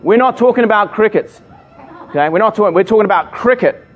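Middle-aged male youth preacher, slightly high voice, jokes and builds emphasis. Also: fast talker, narrow, tinny audio. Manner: playful, jokes with the audience, emphatic build-ups. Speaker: speaker at a youth gathering. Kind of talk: sermon to young people.

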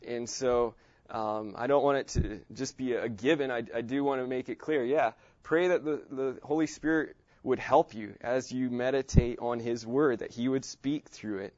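A man teaches a Bible lesson in an easy, conversational way, often stopping to restart a phrase. His voice sits at a middle pitch. The recording sounds muffled and dry. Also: steady tone, normal speed, a little mellow, no room sound. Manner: casual, with many fillers and restarts.

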